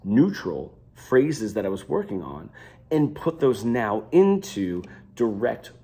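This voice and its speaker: Husky man teaching guitar, rambling. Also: lowish voice, sing-song, slow pace, mellow. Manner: loose and rambling, many fillers and restarts. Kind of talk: unscripted guitar lesson.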